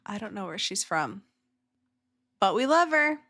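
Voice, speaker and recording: A woman's voice: medium pitch, sing-song, measured pace. A woman hosting a casual reaction video who gushes emotionally over clips, with many filler words.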